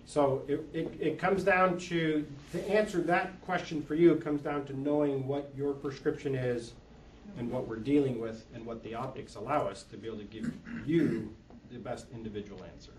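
An eye doctor patiently explains lenses and eye health to an audience, using everyday comparisons. His mid-range voice is steady and a little mellow, at a normal speed. The room is echoey, the mic sits far off, and there's slight background noise.

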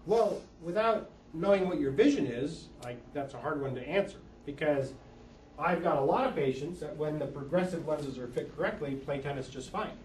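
Eye doctor guy, patient explainer, bit high voice, echoey room, far mic. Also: moderate pace, slight background noise. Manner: patient, explanatory, uses everyday comparisons. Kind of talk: explaining to an audience.

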